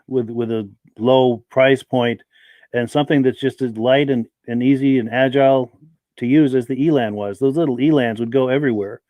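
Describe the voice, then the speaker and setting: A man's voice: mid-range voice, fairly even intonation, moderate pace, no room sound, narrow, tinny audio. A man hosting a live-stream podcast who chats in a friendly way and welcomes viewers by name. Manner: reads viewer names aloud, friendly and welcoming. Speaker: podcast host.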